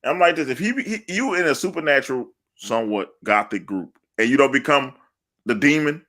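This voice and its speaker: A man's voice: medium pitch, lively intonation, a little fast, fairly bright tone. A man co-hosting a wrestling podcast, talking loosely, cursing and laughing often. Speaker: podcast co-host. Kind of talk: casual wrestling chat.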